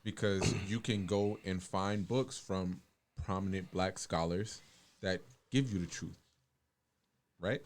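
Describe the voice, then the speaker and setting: Man, podcast co-host, very low voice, calm, measured arguing. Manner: calm, measured, asks leading questions. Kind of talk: casual debate.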